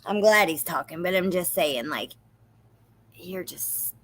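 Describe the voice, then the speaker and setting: A woman's voice: fairly low pitch, animated, measured pace, a bit bright, slight background noise. A woman streaming commentary on interrogation footage, reading viewers' names and reacting with outrage. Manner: outraged, talks to viewers in chat. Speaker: true crime streamer.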